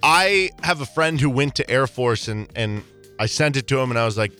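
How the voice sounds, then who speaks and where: A man co-hosting a casual sports talk show, chatty and animated as he tells stories. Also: mid-range voice, normal speed, faint music behind. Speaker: radio co-host.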